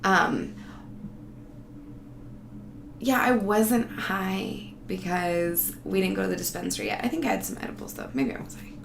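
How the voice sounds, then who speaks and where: A woman's voice: on the low side, lively intonation, measured pace, vocal fry, pauses often. Sweary woman telling a story, roomy sound. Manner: profane, sarcastic, rambling. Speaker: vlogger telling a travel story. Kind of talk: casual storytelling. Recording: roomy echo, faint background noise.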